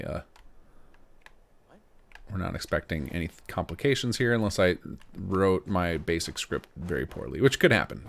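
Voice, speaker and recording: A man narrating his modding session live, thinking aloud in quick, casual bursts and tossing off jokes. His voice sits fairly low and carries a gravelly, fry-heavy texture. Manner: rapid, casual thinking aloud with joking asides. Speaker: game modder streaming his work. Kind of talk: live commentary while modding.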